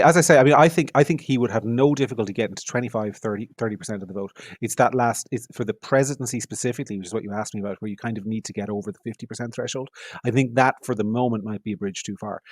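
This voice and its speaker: A man's voice: medium pitch, dry recording. A middle-aged Irish man with an Irish accent, giving long, analytical answers as a podcast guest and repeating phrases for emphasis. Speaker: guest, media editor.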